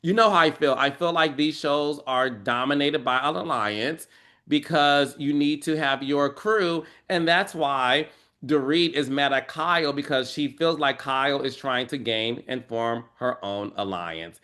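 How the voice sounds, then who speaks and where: A man hosting a casual reality-TV recap chat, animated and dramatic, acting out quoted lines in squealing voices. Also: medium pitch, measured pace. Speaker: podcast host.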